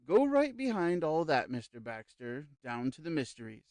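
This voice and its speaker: Man reading a smooth, calm spirit medium. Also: mid-range voice, no room sound, natural voice. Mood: persuasive. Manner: slow, smooth, quiet, reassuring. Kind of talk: audiobook character reading.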